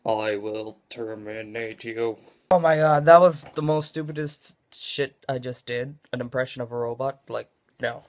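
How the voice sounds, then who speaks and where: A young adult vlogger, tired and scatterbrained, talks to a camera in a dim room at home. The delivery rambles, drops into mumbled asides and then jumps into loud outbursts. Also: mid-range voice, little pitch movement, moderate pace. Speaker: gaming vlogger. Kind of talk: casual rambling vlog to camera.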